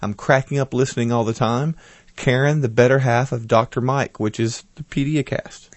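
A man reads listener feedback on a casual podcast and adds playful asides between the messages. His voice sits at an ordinary pitch. The recording is close and dry, with no room sound. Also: fairly even intonation, moderate pace, no echo. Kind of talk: casual chat.

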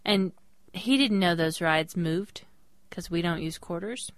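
A young woman, a mother, co-hosting a casual podcast and telling a story with lively voice changes. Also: unhurried, no room sound. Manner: animated storyteller, jumps into high voices when quoting people. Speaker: podcast co-host. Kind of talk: casual chat.

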